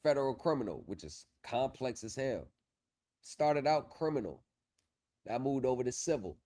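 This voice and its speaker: Man, mid-pitch, casual livestream host, confident and repetitive, streaming mic. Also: lively intonation, moderate pace, dark tone. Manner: confident, repetitive, drifts off while working the screen. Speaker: livestream host on pro se legal help.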